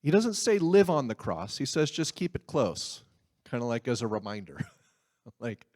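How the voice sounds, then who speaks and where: A man's voice: medium pitch, very animated, normal speed, darkish tone. Conversational male preacher. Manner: conversational preaching with laughs and asides. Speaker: pastor. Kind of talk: sermon.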